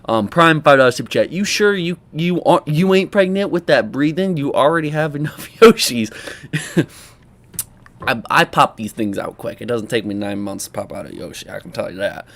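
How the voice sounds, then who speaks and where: A man's voice: mid-range voice, normal speed, vocal fry. A young man hosting a reaction commentary, talking casually, exclaiming and joking with his viewers. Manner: animated, exclaiming, sarcastic asides. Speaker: commentary host.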